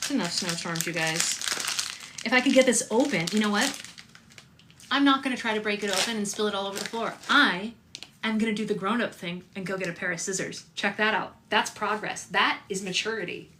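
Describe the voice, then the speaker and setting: A woman's voice: mid-range voice, brisk, background noise. A woman hosting a live stream, chatting upbeat and casually with viewers while making slime.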